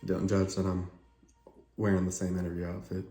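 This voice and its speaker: A man's voice: sits low, monotone, normal speed. A man who is losing his voice, joking and hyping himself up in a casual vlog before a job interview. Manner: upbeat, joking, hypes himself up. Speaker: job candidate and channel host. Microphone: podcast microphone. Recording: roomy sound with music behind.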